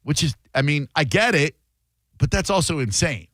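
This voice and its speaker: A man's voice: on the high side, expressive, normal speed, bright, forceful tone, no echo. A man hosting a radio talk show, chatting in a joking, conversational way and taking calls. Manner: joking, conversational, reads aloud from phone. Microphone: studio microphone.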